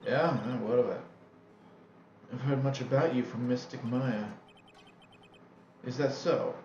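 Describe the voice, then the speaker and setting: A man's voice: medium pitch, fairly even intonation, unhurried, darkish tone, roomy sound, dull audio, a little hiss or hum, close to an everyday voice. A man voicing a young male defense lawyer, sounding puzzled and wry while reading a game's dialogue on stream.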